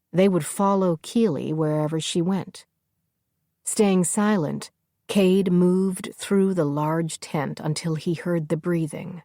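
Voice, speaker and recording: A woman narrating a fantasy audiobook in measured, even storytelling. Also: low-pitched, no room sound, clean studio sound. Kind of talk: scripted fiction narration.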